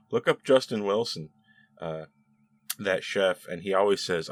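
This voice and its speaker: A man hosting a casual spoken review, chatty and animated, with frequent laughs and restarts. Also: low voice, measured pace, long pauses. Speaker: show host reviewing episodes.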